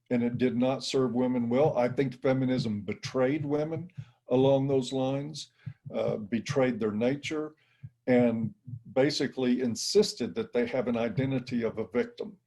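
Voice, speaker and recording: Blunt man with a dark, husky voice. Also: mid-range voice. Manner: emphatic, blunt. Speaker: interview guest. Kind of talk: interview conversation.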